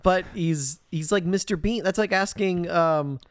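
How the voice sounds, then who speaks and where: A man's voice: high-pitched, a little slow, dry recording, studio quality. A man co-hosting a casual movie podcast, blunt and exclamatory, who swears freely. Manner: blunt, exclamatory, swears, finishes partner's jokes. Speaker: podcast co-host.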